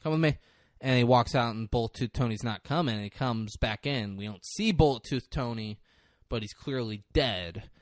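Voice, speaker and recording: This is a male podcast co-host with a medium-pitched voice and a moderate pace, recorded in clean studio sound with no echo. He chats casually through a film recap, acting out the characters' lines with animation and swearing.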